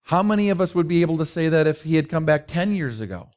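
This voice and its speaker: A man's voice: fairly high pitch, animated, fast talker, darkish tone. A middle-aged man preaching a conversational sermon, mixing rhetorical questions with personal stories. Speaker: pastor.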